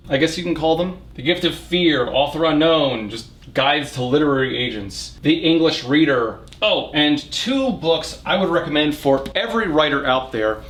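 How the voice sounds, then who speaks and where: A man's voice: a little high, a bit bright. A man hosting a casual, rambling book tour from his home reading nook, with wry joking asides. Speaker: book channel host. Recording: echoey room.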